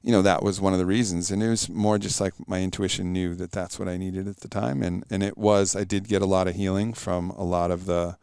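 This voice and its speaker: A man's voice: sits low, flat delivery, brisk, hardly any pauses, darkish tone, clear, resonant tone, no room sound, clean studio sound. A middle-aged man telling stories in an earnest, reflective way as a guest in a casual podcast interview.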